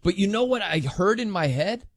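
Animated, rambling sports talk host. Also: male voice, high-pitched, moderate pace, no echo.

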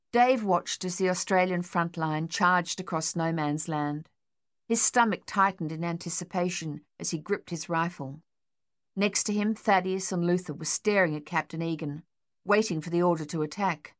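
A woman narrating an audiobook in a measured, even reading. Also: lowish voice. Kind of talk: scripted narration.

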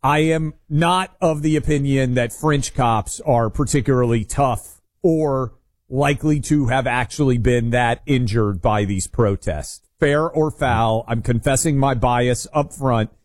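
A man's voice: medium pitch, a little slow, dry recording. Wry talk radio co-host man. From Nashville, USA. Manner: confessional, wry. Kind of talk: casual talk radio banter. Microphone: studio microphone.

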